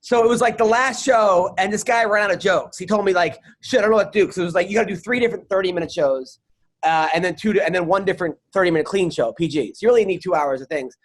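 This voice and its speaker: A man from New York hosting a podcast, his voice sitting high for a man. He tells crude stories in a loose, animated way and swears freely. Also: fast talker. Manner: swears freely, animated storyteller who acts out the people in his anecdotes. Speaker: podcast host and comedian. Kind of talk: casual storytelling chat.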